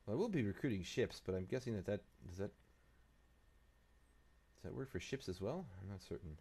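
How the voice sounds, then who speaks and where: A man's voice: fairly low pitch, big pitch swings, fairly quick, dark tone, breathy edge. A man hosting a strategy game playthrough, thinking aloud and muttering to himself and the game as he plays. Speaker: let's play host.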